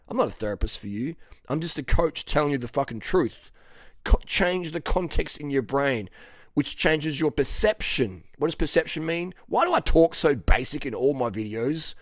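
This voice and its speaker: A man's voice: a little high, no echo, clean studio sound. A middle-aged man from Western Australia, a coach talking bluntly and profanely, often asking "okay?". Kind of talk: casual monologue to camera.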